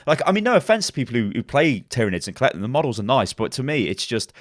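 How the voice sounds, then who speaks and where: A man's voice: medium pitch, sing-song, rapid-fire, no room sound, studio quality. A man co-hosting a casual gaming podcast, talking animatedly and laughing often. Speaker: podcast co-host.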